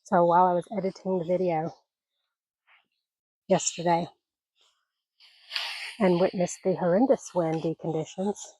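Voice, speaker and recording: A woman's voice: on the low side, fairly even intonation, unhurried, pauses often, mellow, slightly rough, dry recording. A retired woman in her sixties vlogging casually outdoors on her mountain homestead, chatting into a phone camera in a rambling, folksy way, her voice a little scratchy from allergies. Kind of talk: casual vlog chat.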